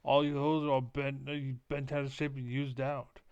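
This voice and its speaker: Gravelly, flat-voiced man ranting profanely. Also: mid-range voice, moderate pace, dry recording, dull audio. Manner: rambling, profane, keeps repeating filler words; frequent throat clearing. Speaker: streamer. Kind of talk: casual rant to camera.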